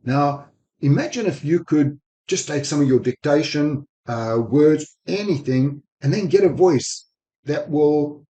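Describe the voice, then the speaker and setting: Brief: man with a blended South African-American accent, quick, eager tutorial delivery, mellow tone. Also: a little high, expressive. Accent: mixed South African, Spanish and American. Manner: quick, enthusiastic talk. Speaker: sales technology speaker. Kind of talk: screen-recorded software walkthrough. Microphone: desk microphone while screen recording.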